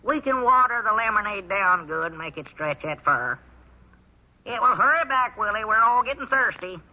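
An actor playing an excitable, slow-witted country storekeeper and deputy, drawling and easily riled, in a 1930s radio comedy on a muffled recording. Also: male voice, high-pitched, slightly rough. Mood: grumbling flustered.

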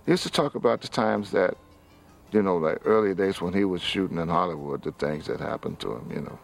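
A plain-spoken man in a relaxed interview, remembering friendly talks. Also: sits low, a little fast, vocal fry, soft background music.

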